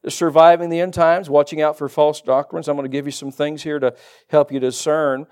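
A man's voice: on the high side, flat delivery, brisk, a little mellow, clean tone. A middle-aged man preaching a sermon as pastor, folksy and joking asides to the congregation.

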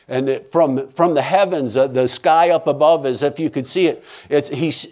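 A man who is a minister, telling an emotional personal testimony, repeating phrases for emphasis and swinging from loud pleading to hushed tones. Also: fairly high pitch, moderate pace, hardly any pauses.

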